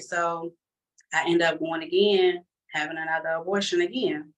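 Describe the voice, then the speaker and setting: A woman with a low voice tells her personal testimony, candid and emotional, with plenty of casual fillers. She sits a fair way back from the microphone, so the sound is distant. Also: level tone, normal speed. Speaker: person giving a church testimony.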